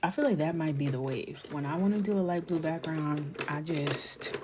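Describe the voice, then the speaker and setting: A woman hosting a coloring livestream, chatting candidly and dropping into soft asides as she works. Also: deep voice, moderate pace, over music. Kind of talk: casual chat while coloring.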